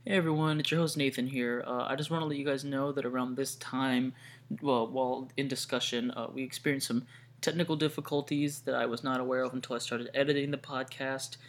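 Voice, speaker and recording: A man's voice: medium pitch, steady tone, brisk. A young man hosts a casual movie podcast. He rambles along with plenty of ums and restarts. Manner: rambling, many fillers and restarts. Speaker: podcast host.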